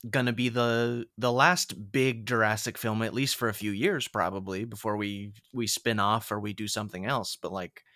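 A man's voice: fairly low pitch, steady tone, normal speed, hardly any pauses, bright, forceful tone, no echo, clean studio sound. A young man co-hosting a podcast, chatting casually with lots of fillers and restarts. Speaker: podcast co-host. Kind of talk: casual chat.

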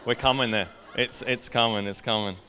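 A man preaching a sermon to a congregation. He speaks earnestly, slows down to stress key words, and puts questions to the room. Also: mid-range voice, steady tone, pushed and bright. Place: church hall. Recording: echoey church hall.

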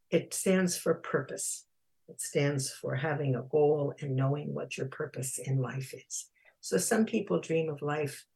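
A speaker explaining Kwanzaa in an informal lesson, reading bits from a children's book, thoughtful, with pauses and fillers, slowly spelling out Swahili words. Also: medium pitch, gravelly, slightly rough.

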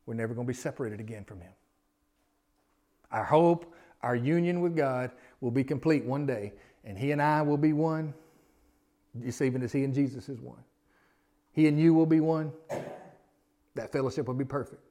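Earnest preacher man, slightly high voice. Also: fairly quick, pauses often. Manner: earnest, repeats words, swings from loud to hushed. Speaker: pastor. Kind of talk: sermon.

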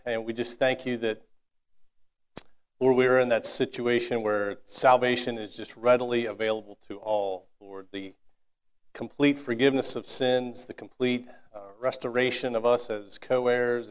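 Male co-host, average pitch, earnest, casual testimony then heartfelt prayer. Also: fairly even intonation, normal speed, clear, resonant tone. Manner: earnest, repeats words as he restarts. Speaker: co-host who prays.

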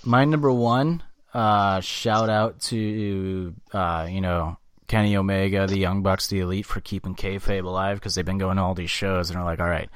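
A man's voice: fairly even intonation, normal speed, smooth, dry recording, studio quality. A man co-hosting a podcast in casual chat, a profane storyteller who quotes people in mocking voices. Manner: profane storyteller, jumps into high mocking voices when quoting. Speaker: podcast co-host.

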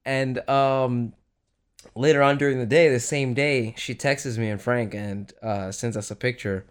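A man's voice: mid-range voice, steady tone, measured pace, clear, resonant tone. A young man telling a story in casual, profane chat, rambling with lots of fillers, a bit out of breath. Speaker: podcast co-host.

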